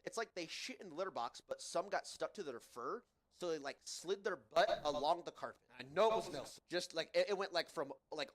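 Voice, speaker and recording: A young man tells a rambling, profane story about a bad day, exasperated and animated, tossing in "bro" every few lines. His voice sits fairly high for a man. The room around him rings with a noticeable echo. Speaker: podcast host. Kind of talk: casual storytelling rant.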